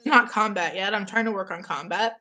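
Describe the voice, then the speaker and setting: A woman's voice: mid-range voice, fairly quick, pushed and bright. A young woman in her twenties, getting over an illness, chatting casually on a live stream, gushing and reading out viewer comments.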